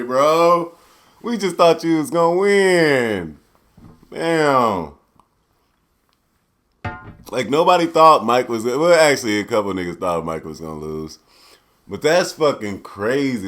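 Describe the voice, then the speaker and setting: Animated young man hosting a podcast. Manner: loose, profane and animated, jumps from loud outbursts to low mutters. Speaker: podcast host. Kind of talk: casual solo podcast rant.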